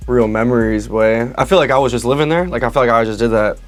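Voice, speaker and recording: A man's voice: mid-range voice, quick pace, faint music behind. A young man who is in the cast reacts to the film in slangy, enthusiastic casual commentary.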